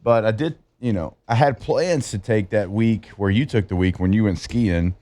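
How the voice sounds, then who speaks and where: A man's voice: fairly low pitch, normal speed, dark tone, no echo. A man co-hosting a morning sports radio show, chatting and joking easily with his co-hosts. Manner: easygoing, joking banter.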